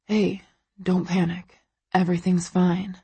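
A gentle, protective young husband murmurs softly and slowly in an audiobook, as a woman reads him. His hushed, breathy voice sits in a dry, close room. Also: sits high, level tone, dry recording, exaggerated voice. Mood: soothing.

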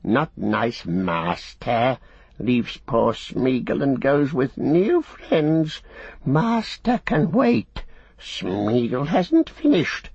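A man voicing a wretched, sly male creature who hisses and wheedles in halting phrases, for an audiobook. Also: medium pitch, very animated, darkish tone, slightly rough, no room sound, pitched above the performer's own voice, exaggerated voice. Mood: sulky. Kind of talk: audiobook character voice. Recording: dull, muffled recording.

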